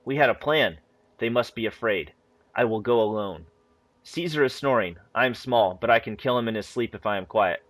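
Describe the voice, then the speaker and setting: A man who hosts a gaming channel, reading in-game story files aloud in a steady, measured way, with a few casual asides. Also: medium pitch, no echo.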